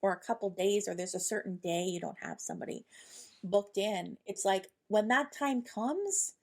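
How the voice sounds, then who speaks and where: A woman talks in a loose, rambling way as the host of a spiritual podcast. She acts out her own inner thoughts as quotes. Her voice sits at a middle pitch with a gravelly edge. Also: moderate pace, a little mellow. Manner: chatty and rambling, with many fillers and quoted inner dialogue. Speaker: podcast host, intuitive channeler. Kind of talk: casual spiritual monologue.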